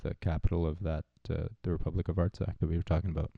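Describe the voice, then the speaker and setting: Very deep gravelly man, dry quips. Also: level tone, fast, no room sound. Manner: dry, drops in short facts and quips. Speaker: podcast co-host. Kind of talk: casual chat. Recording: dull lo-fi sound.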